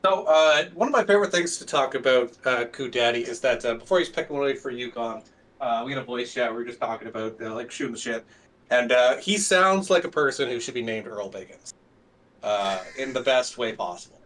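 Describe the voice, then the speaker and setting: A man's voice: mid-range voice, brisk, a bit bright, recorded from a distance. Laid-back male co-manager with dry wit, voice set back from the mic. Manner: easygoing, dry humor, frequent "uh". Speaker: co-general manager. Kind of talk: casual live draft commentary.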